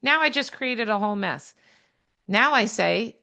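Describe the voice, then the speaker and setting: A woman leading an online real estate training on a video call, frank and plain-spoken, with quick blunt asides. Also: on the high side, expressive, vocal fry, sharp tone. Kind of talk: online training session talk. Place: home or office on a video call.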